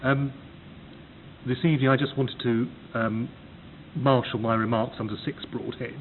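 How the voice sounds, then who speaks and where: A man's voice: mid-range voice, steady tone, normal speed. A man from the United Kingdom, an official of a competition agency, giving an orderly prepared talk point by point. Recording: tinny phone-like recording with clear hiss.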